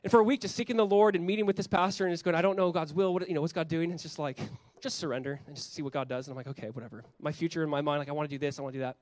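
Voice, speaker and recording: A young adult man, a pastor, preaching a sermon in a conversational, animated way and acting out the voices he quotes. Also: fairly high pitch, racing, few pauses, dry recording.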